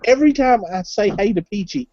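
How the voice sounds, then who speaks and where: A man's voice: high-pitched, animated, brisk, dark tone, slight background noise. A man on a casual group call, asking playful questions and laughing along. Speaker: chat panelist. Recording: dry, dull online call audio.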